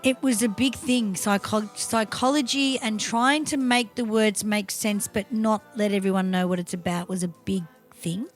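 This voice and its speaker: A woman's voice: medium pitch, steady tone, normal speed, hardly any pauses, faint music behind. A woman co-hosting a podcast in casual, chatty, opinionated talk, swearing now and then. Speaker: podcast co-host. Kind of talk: casual chat.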